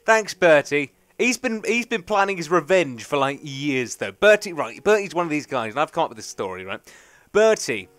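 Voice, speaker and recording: A man's voice: fairly high pitch, sing-song, moderate pace, fairly bright tone, no room sound. A young man, rambling and joking through casual let's play commentary. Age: young adult. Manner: rambling, chatty, jokey. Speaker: gaming commentator.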